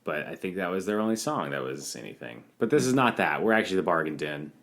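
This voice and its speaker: A man co-hosting a comedy podcast, riffing through silly bits in a deadpan, rambling way. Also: low-pitched, fast, a little hiss or hum. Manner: deadpan jokey, rambling riffs. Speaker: podcast co-host. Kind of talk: casual comedic chat.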